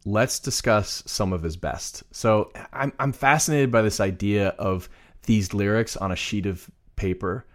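A man co-hosting a music podcast, talking earnestly and deliberately, reading lyrics aloud. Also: fairly low pitch. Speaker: podcast co-host. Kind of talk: casual music podcast chat.

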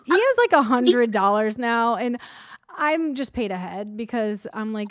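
Animated, higher-voiced woman chatting. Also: a little slow, no echo, clean studio sound. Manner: animated, laughs often, emphatic when irritated. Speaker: podcast co-host. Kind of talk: casual chat.

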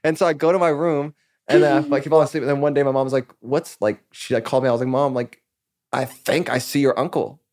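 A man's voice: medium pitch, fairly even intonation, quick pace, darkish tone, dry recording, clean studio sound. A man who is a musician and podcast guest, telling a long personal story in a rambling way, full of fillers and acted-out dialogue. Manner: rambling, filler-heavy, acts out quoted dialogue. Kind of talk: casual storytelling interview.

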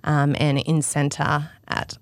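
A woman in her thirties tells lively stories about her home life and acts out the people she quotes. Her voice sits fairly low for a woman. The sound is dry and close, with no room around it. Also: slow, no room sound. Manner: animated storyteller acting out quotes. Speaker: guest, fashion stylist. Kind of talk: casual podcast chat.

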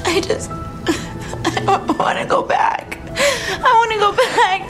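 An actress playing a frightened young wife who is crying and pleading. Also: female voice, extremely high pitch, slow pace, music in the background. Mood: tearful. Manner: pleading, breaking down. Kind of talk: film drama. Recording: film clip with loud score.

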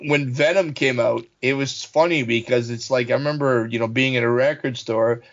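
A man co-hosting a casual podcast chat, an animated, rambling storyteller on a dull, lo-fi recording. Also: mid-range voice, moderate pace. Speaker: podcast co-host. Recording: dull lo-fi sound.

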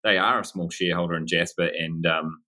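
Brief: New male guest, 30s, deep voice with a sharp edge, chatty anecdotal delivery. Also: a little fast. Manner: laughing, animated anecdote-telling with fillers. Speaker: company co-founder, guest. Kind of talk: casual storytelling interview.

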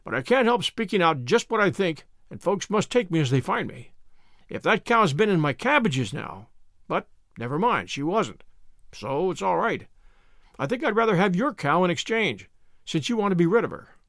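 A man reading aloud and voicing a blunt, hasty old farmer who speaks his mind briskly. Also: high voice, sing-song, a bit bright, dry recording, clean studio sound, full character voice. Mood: brisk, gruff. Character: gruff outspoken older farmer, hasty but kindly.

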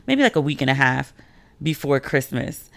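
A woman hosting a casual solo podcast, telling stories in a chatty way with lots of "like" and lively quoted voices. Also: normal speed, creaky, dry recording. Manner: chatty storytelling, heavy use of "like", swings pitch when quoting people. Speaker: podcast host.

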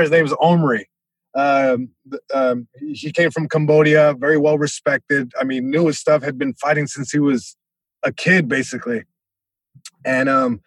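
A young man tells a story on a podcast, acting out other people with sudden loud bursts. His voice sits a little high and has a husky grain. The sound is dry and close, with no room around it. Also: dry recording. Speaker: comedian guest. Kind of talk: casual storytelling.

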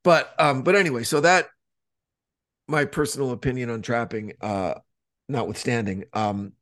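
A man of middle pitch talks loosely on a podcast, circling back and restarting as he goes. He swears freely, and his delivery stays casual and unpolished. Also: moderate pace, a bit bright. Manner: rambling, swears a lot, many restarts. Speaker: podcast co-host. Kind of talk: casual chat.

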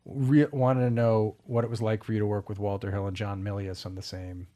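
A man's voice: on the low side, flat delivery, brisk, warm tone. A middle-aged man hosting an interview, chatty and enthusiastic, often jumping in. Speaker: podcast host. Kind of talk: casual interview chat.

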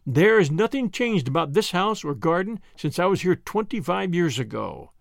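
Brief: man voicing a wistful gentleman, slow, low, dry. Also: big pitch swings, gravelly, no echo, exaggerated voice. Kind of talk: audiobook character reading.

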